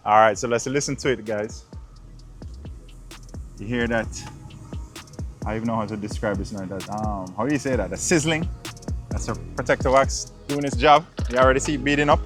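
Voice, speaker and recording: A relaxed man narrates his car detailing work in a loose, slangy way, calling his viewers "guys." His voice sits at an ordinary middle pitch. Soft background music plays under his voice. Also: fairly quick, pauses often. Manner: laid-back, slangy, addresses viewers as guys. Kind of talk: casual how-to narration. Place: outdoors beside a car being washed.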